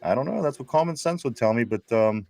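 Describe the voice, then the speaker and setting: A man's voice: medium pitch, lively intonation, fast, vocal fry, mellow, dry recording. A man hosting a casual sports talk show, reading viewer comments aloud in a chatty way with frequent restarts. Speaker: podcast host.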